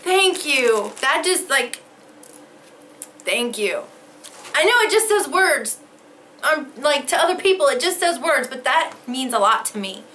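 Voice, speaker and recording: A woman's voice: sits high, animated, a little slow, long pauses, sharp tone, slight background noise, poor audio. A young woman vlogger chatting casually as she opens fan mail, gushing and exclaiming over each gift. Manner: gushing, gasping and exclaiming, laughs often. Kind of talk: casual unboxing chat. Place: home craft studio.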